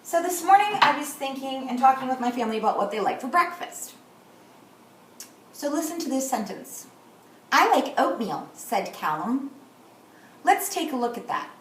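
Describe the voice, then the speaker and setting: A woman in middle age teaching kindergarteners at a whiteboard, slowly and deliberately modeling words and sounds. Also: high voice, big pitch swings, a little hiss or hum. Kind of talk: teaching a class. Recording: echoey room, far from the mic.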